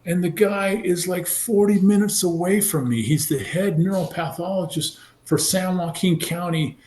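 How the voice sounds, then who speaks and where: A man in his sixties from California, a former football player telling his story in an animated way and acting out the people he quotes. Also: high-pitched, normal speed. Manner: animated, acts out quoted voices. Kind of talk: casual storytelling interview. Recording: roomy echo.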